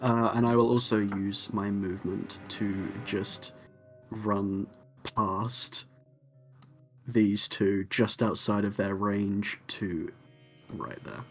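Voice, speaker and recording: Slow-talking man playing a tabletop game. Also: lowish voice, steady tone, fairly bright tone, faint music behind. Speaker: player. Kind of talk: casual tabletop game talk.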